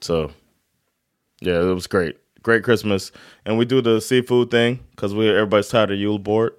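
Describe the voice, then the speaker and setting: A man's voice: fairly low pitch, steady tone, normal speed, smooth, dry recording, studio quality. An American man co-hosting a casual sports podcast, laid-back, swearing casually and laughing often. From United States. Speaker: podcast co-host. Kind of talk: casual chat.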